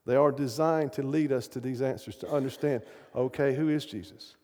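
A man's voice: medium pitch, normal speed, warm tone, in a large hall. A middle-aged man preaching a sermon, emphatic and often asking his audience questions.

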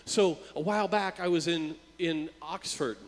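A male preacher telling a personal story in a casual, chatty sermon, his voice sitting a bit higher than most men's. He often stumbles over a repeated word before a phrase comes out. His voice rings out with a long reverb, as in a big hall. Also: a little slow. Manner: conversational, repeats words when starting a phrase. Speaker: youth worker and preacher.

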